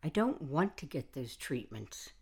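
A woman's voice: deep voice, very animated, unhurried, husky, full character voice. A woman reading the part of a stubborn, middle-aged homemaker who speaks firmly and defiantly. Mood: resolute. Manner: firm, defiant. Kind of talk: audiobook dialogue reading.

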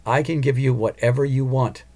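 A man's voice: mid-range voice, steady tone, moderate pace, dark tone, close to an everyday voice. A man voicing a haughty, threatening veiled woman in an audiobook, with a commanding, pushy manner. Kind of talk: audiobook character voice.

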